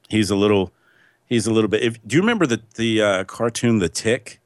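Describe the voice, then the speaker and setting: A man talking casually as a guest, relaxed and self-deprecating, laughing often. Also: lowish voice, brisk, dry recording. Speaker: guest voiceover artist. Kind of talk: casual recorded chat.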